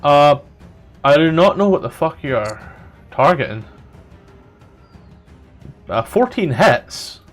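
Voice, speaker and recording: A man runs a tabletop game as dungeon master, in a relaxed and casual way. He swears freely as he checks the rolls. Faint music plays underneath. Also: on the high side, slow pace, pauses often. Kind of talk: running a tabletop game over voice chat.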